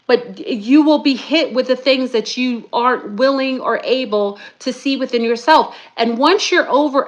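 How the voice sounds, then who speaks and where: A middle-aged woman hosting a casual talk stream, speaking in a chatty, animated way and calling her viewers y'all. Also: fairly high pitch. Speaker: YouTube spiritual talk host.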